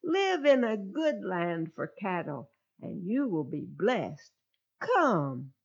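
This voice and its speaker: A woman reading the words of Joseph, a forgiving ruler, in a gentle, pleading way on a dull lo-fi recording. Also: mid-range voice, very animated, takes it slowly, full character voice. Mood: tender.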